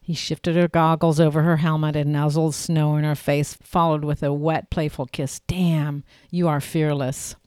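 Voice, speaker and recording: A woman narrating an audiobook in a steady, clear storytelling manner. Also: sits low, normal speed, few pauses, no echo, studio quality.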